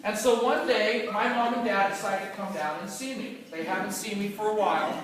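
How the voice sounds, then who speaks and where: A man giving a motivational business training talk to a live audience, telling a personal story with animated, emphatic delivery. He is heard from far off in a large echoey room. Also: high-pitched, fairly quick. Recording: echoey room from afar, faint noise.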